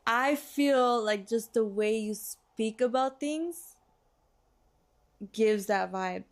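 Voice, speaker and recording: A woman's voice: fairly high pitch, takes it slowly. A young adult woman hosting a podcast, asking questions in a casual, teasing, somewhat hesitant way. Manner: curious, teasing, hesitant with fillers. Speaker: podcast host. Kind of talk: casual interview.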